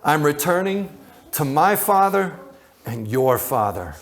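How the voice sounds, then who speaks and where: A man voicing Jesus, a calm and tender grown man who gives soft, earnest commands. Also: a little high, slow, soft background music, exaggerated voice. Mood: tender urging.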